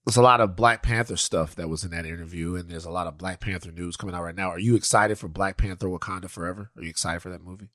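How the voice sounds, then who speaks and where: A man co-hosting a podcast in casual chat, animated and prone to restarting and repeating his phrases. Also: deep voice, fast talker, hardly any pauses, no room sound, studio quality. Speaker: podcast co-host.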